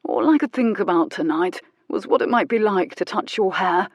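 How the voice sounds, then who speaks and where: A woman voicing a poised, wealthy male marquess who speaks in a low, teasing, intimate murmur. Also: expressive, moderate pace, slightly rough, no echo. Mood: wry.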